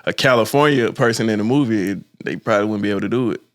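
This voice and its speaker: A man hosting a casual podcast chat, animated and swearing freely. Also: fairly low pitch, quick pace. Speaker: podcast host.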